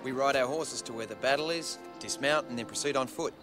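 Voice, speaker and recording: An actor playing a brash young Australian soldier with an Australian accent, blunt and slangy. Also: male voice, medium pitch, brisk, lightly acted. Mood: grumbling. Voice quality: cocky, plain-spoken slang. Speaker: Australian mounted infantry soldier. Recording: music score under the dialogue.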